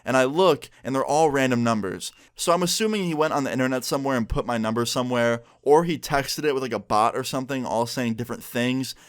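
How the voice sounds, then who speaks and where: A young man vlogging, chatty and animated as he retells a story time with plenty of fillers. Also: medium pitch, quick pace, hardly any pauses, no room sound, clean studio sound.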